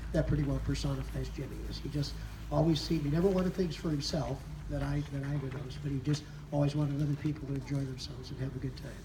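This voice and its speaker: An older man giving a soft-spoken, pausing eulogy at a memorial. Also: a little high. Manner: soft-spoken, reminiscing with many pauses. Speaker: mourner sharing memories. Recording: echoey room, distant mic, noisy.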